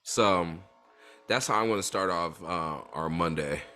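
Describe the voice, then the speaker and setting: A man's voice: low-pitched, a little slow, bright, forceful tone, faint music behind. A man co-hosting a casual podcast chat, venting with emphatic repetition and indignation. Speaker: podcast co-host.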